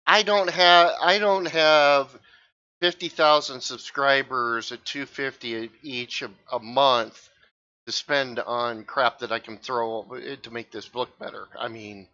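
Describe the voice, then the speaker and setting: A man's voice: mid-range voice, fairly even intonation, slow pace, pushed and bright, dull audio. A man in charge as game master, chatting casually and rambling with restarts during an online session.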